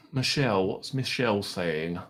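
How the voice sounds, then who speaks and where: At home on a livestream, a middle-aged Essex man reads out viewers' comments and muses aloud in a self-deprecating, casual way. His voice is fairly low in pitch with a fairly bright tone.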